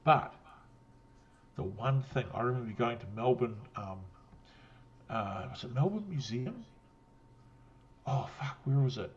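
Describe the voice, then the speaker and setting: A man's voice: mid-range voice, animated, unhurried, pauses often, lo-fi sound, a little hiss or hum. Rambling, laughing New Zealand man. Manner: rambling, laughs often, swears freely. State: had a drink. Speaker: guest on a livestream. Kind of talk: casual chat.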